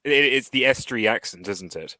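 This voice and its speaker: Wry young man with a bright voice. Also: mid-range voice, expressive, brisk, low-quality recording. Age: young adult. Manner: wry, laughing often. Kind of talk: casual political chat.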